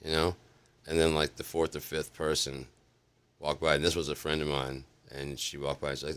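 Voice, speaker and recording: A man with an extremely low, rough, gravelly voice tells a story in a loose, rambling vlog style. He swears constantly, backtracks and restarts his sentences, and sounds like he is chatting to the camera. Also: flat delivery, a little fast, a bit bright. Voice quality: very deep gravelly voice. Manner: rambling, profane, restarts often. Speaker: vlog host. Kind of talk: casual storytelling monologue.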